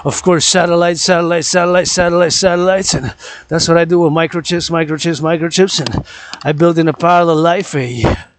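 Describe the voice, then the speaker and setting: A man's voice: on the high side, steady tone, fairly quick, dry recording. A man vlogging outdoors on a forested mountain trail, rambling and repeating words and phrases over and over. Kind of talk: rambling vlog monologue.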